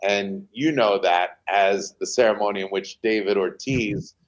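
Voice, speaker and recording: Animated storytelling man, remote call. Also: on the low side. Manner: animated anecdotes with frequent pauses and fillers. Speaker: baseball team president, guest. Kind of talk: interview storytelling.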